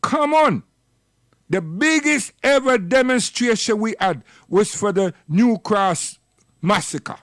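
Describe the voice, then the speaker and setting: Man with a high voice, preachy and scolding, dry close sound, for a livestream rant. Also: animated, slow, a bit bright, no echo. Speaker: livestream commentator. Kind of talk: impassioned livestream monologue.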